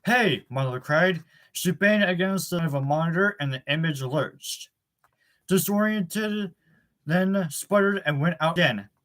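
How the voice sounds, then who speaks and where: Guy reading a book chapter out loud, kinda high voice, stumbles and says uh sometimes. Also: a little slow. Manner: plain reading with occasional fillers and self-corrections. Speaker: audiobook reader. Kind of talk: reading a novel aloud.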